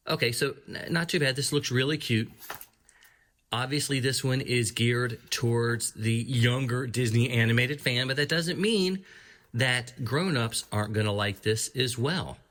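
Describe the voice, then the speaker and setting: With his hands and a book in the camera's frame, a man chats through a casual review on his channel, reading entries aloud, tossing in small asides and laughing lightly. He speaks at a medium pitch with a slightly bright tone.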